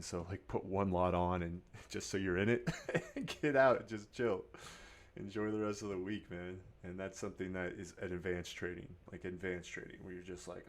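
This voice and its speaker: A day trader gives casual market commentary in a low, steady voice at a moderate pace. At times he mumbles quietly over his charts; at others he fires up into a loud pep talk full of swearing.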